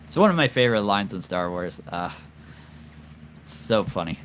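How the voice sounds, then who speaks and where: A man's voice: on the low side, very animated, normal speed, a bit bright, slight background noise. A man chatting casually to camera about the voices he can do, playful, rambling and self-deprecating. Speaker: voice performer showing off voices.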